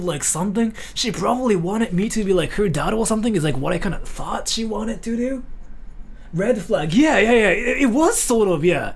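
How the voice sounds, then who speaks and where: Lively gravelly-voiced young man. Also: high voice. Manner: rambling, animated, many "like" fillers. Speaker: livestream host. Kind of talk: casual storytelling chat.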